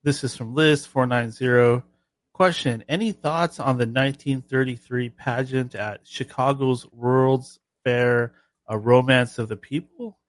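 A man's voice: mid-range voice, steady tone, measured pace, no echo. A man co-hosting a live stream, reading out viewer questions in a casual, hesitant way.

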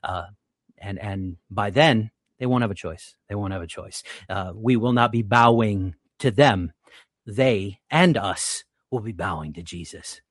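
A man's voice: measured pace, no echo, clean studio sound. A man hosting a live stream, giving religious commentary in an earnest, stumbling way, repeating words as he goes. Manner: earnest, repeats words often, rises in pitch when emphatic. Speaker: livestream host.

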